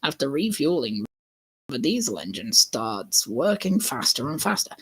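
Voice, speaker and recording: A man's voice: medium pitch, husky. A man reading a garbled storybook aloud for laughs, chuckling at the odd wording. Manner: slow, lively reading with bursts of laughter. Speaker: YouTuber reading a comic mistranslation. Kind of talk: comedic storybook narration.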